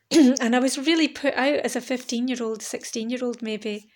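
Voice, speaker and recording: A woman's voice: on the high side, normal speed, a little mellow. A woman, talking alone on her podcast in a candid, rambling, reflective way, swearing now and then. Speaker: podcast host. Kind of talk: reflective solo podcast monologue.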